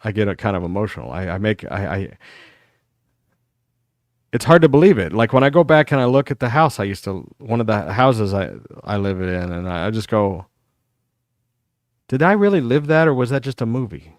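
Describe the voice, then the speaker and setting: Brisk and lowish, this middle-aged US host's voice comes through in echo-free studio quality. On his live talk show he delivers a rambling monologue, telling animated stories and playing out other people's lines.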